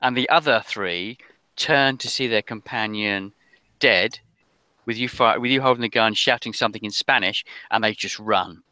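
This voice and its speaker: A man running a tabletop role-playing game, narrating in a halting, meandering way. His voice is low but bright and forceful, and the recording is dry and close. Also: dry recording. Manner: meandering, hesitant with many ums and restarts. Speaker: game master.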